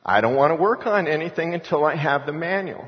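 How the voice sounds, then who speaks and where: A man's voice: a little high, animated, fairly quick. Preaching man in an echoey hall. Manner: storytelling with acted-out voices of others; exhorting, emphatic repetition. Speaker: pastor. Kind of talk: sermon. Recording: echoey hall, dull lo-fi sound.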